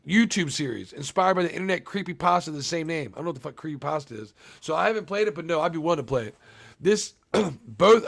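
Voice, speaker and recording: A young man with a creaky, fairly high-pitched voice recaps a movie live on a casual stream, rambling, cursing frequently, and talking to his chat.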